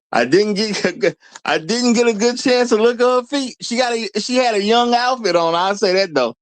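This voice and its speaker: Animated, laughing male show host. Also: high voice, a little slow, pauses often, dry recording. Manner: animated, laughs often, repeats lines. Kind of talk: live commentary show.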